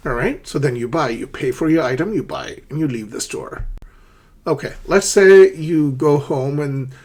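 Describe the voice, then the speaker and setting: Man, English teacher, husky voice, explains step by step, checks in with okay a lot. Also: on the high side, normal speed, a little mellow. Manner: explains step by step, acts out shop dialogues; frequent fillers and check-ins like okay. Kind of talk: English lesson for learners.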